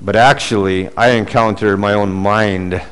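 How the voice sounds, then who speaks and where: A middle-aged man preaching a sermon as pastor, earnest, rising for emphasis and dropping low and quiet for asides. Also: fairly even intonation, measured pace, smooth, rough recording.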